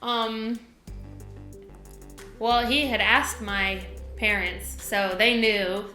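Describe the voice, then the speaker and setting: A young woman co-hosting a couple's vlog, chatting casually in a relaxed, halting way. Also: a little high, reverberant, soft background music. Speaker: vlog co-host. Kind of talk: casual chat.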